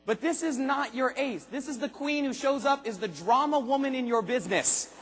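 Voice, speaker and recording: A man giving an animated motivational speech to a large convention crowd, asking the audience rhetorical questions and acting out voices. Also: very high-pitched, moderate pace, long reverb tail, slight background noise. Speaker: motivational speaker at a sales convention. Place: large arena convention hall.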